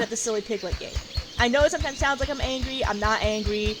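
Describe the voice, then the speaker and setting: A woman with a slightly high voice talks through a game she is playing in an easy, rambling way. She jokes and playfully taunts the enemies on screen, and loud game music plays underneath her. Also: racing. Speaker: let's play host. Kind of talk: casual gameplay commentary.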